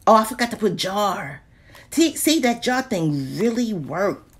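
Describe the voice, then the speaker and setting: A woman with a high-leaning, sing-song, slightly rough voice vlogs a casual check-in on store deals at a measured pace. Chatty and playful, she talks to herself, slips into whispers, and laughs along the way.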